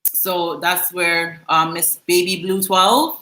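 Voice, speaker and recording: Bright-voiced Jamaican woman vlogger. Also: on the low side, fairly even intonation, takes it slowly, roomy sound, rough recording. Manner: chatty and laughing, patois phrases. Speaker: vlog host. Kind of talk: casual chat reading viewer comments.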